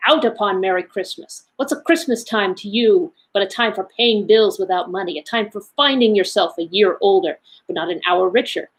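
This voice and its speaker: A woman's voice: medium pitch, natural voice. A stern, bitter old miser snaps out his words with indignation, as a woman reads him aloud. He sounds grim and sour, in a storybook telling.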